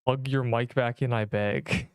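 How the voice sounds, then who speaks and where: A man with a smooth, resonant voice at an everyday pitch, streaming a game and bantering with chat. He rambles and sounds exasperated, heavy on slang. The sound is dry and close. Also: steady tone, measured pace, no room sound. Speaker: gaming streamer. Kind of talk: casual livestream chatter while playing.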